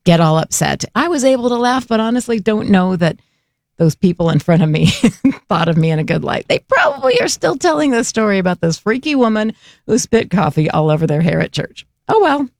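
A woman's voice: medium pitch, very animated, a little fast, gravelly, no echo, clean studio sound. A woman telling a funny personal story in a casual way and laughing through it.

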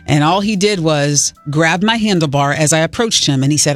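A woman sharing a personal story in a sermon, talking conversationally and jumping up in pitch when she gets excited. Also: moderate pace, faint music behind. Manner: lively, conversational storyteller with sudden high exclamations. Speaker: speaker sharing a faith story.

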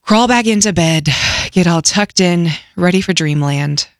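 A young adult woman hosting a radio show, telling a funny story in a casual, lively way and acting out voices. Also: lowish voice, a little slow, no echo, studio quality.

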